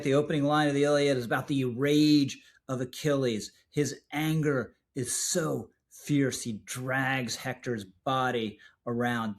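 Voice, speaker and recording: Male commentator, scripted video essay, measured, slows for emphasis, mid-pitched voice. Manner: measured, emphatic delivery, slows for key words. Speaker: political commentator.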